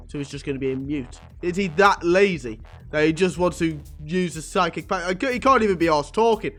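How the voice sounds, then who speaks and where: Man reading a comic with sweary, joking asides; slightly higher voice. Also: fairly quick, hardly any pauses, a bit bright, soft background music. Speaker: comic book reader. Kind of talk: casual comic reading with commentary.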